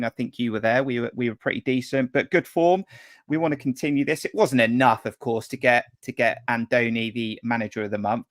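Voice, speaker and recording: A man hosting a live fan stream, brisk and teasing as he reads from the chat. His voice sits at an everyday middle pitch. The recording is dry and close with no room echo. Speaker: podcast host.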